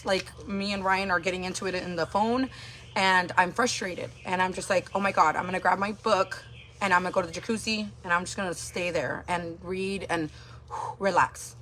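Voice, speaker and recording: A woman's voice: on the low side, a bit bright, a little hiss or hum. A woman hosting a livestream, telling a personal story in a casual, rambling way full of filler words.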